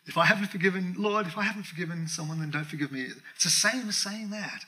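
A middle-aged man preaching a sermon, telling a personal story with animated acted-out dialogue and frequent laughter. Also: sits high, a little fast, rough recording. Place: church.

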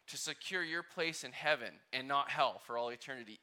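Bright-voiced male pastor preaching. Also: mid-range voice, brisk, few pauses. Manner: conversational, animated, asks the congregation questions. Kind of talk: sermon.

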